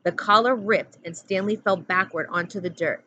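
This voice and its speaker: A woman teacher reading a chapter book aloud in a steady, even way. Her voice sits at an ordinary pitch. The recording is dull and lo-fi, with a faint hum behind her. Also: normal speed. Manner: steady, plain narration. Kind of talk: storybook read-aloud.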